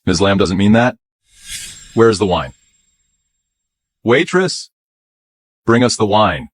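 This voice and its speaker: A man's voice: on the low side, expressive, takes it slowly, no room sound, studio quality. An actor voicing a middle-aged businessman who speaks in a hearty, placating manner. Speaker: business partner. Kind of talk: dubbed drama dialogue.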